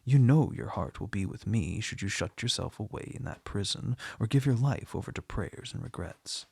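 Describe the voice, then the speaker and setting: A man with a husky, gravelly voice voicing a passionate former lover who forcefully pleads with a woman to come away with him. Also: fairly low pitch, expressive, normal speed, dry recording, exaggerated voice. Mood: pleading. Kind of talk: storybook reading.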